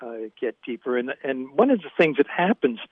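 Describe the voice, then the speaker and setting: An older male guest comes through a thin, phone-like line, dry and close with no room sound. He explains things in a measured, steady way, pausing on small hesitations as he thinks. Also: medium pitch, no room sound. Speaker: guest author. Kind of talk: conversational interview.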